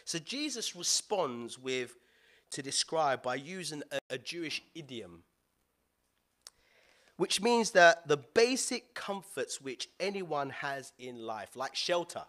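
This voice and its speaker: A man preaching a sermon as pastor, lively and playful, with slang and asides to the congregation. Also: fairly high pitch, takes it slowly.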